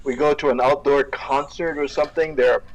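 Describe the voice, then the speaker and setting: A man's voice: mid-range voice, fairly even intonation, a little fast, low-quality recording. A man co-hosting a casual chat, rambling with fillers and laughing as he comments on videos. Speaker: co-host.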